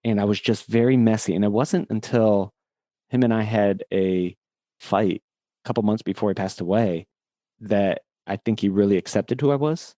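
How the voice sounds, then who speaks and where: A man in his forties shares a personal story as a podcast guest, with a low, mellow voice. He talks candidly and with animation, often laughing at himself. The sound is close and dry. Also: moderate pace, no echo.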